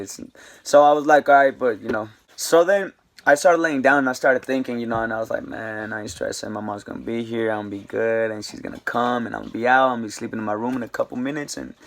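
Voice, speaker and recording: Young guy, vlogger, slangy rambling storyteller, middle pitch. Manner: rambling, slangy, lots of fillers. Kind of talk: casual storytime.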